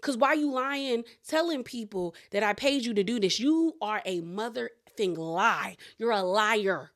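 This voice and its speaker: A woman's voice: a little high, a little slow, a bit bright. A young woman recapping a reality show in casual commentary, acting out quotes of the cast members.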